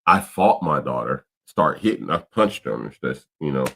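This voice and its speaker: A man and father co-hosting a casual podcast, telling animated, profane stories about his family. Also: extremely low pitch, normal speed, vocal fry, husky. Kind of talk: casual chat.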